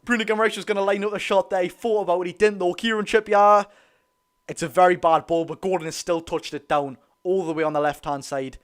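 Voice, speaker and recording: A man with a Geordie accent giving excited, rapid live football commentary as host of a fan watch-along, cheering his side on. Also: high-pitched. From North East England. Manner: talks very fast; animated, cheers players on.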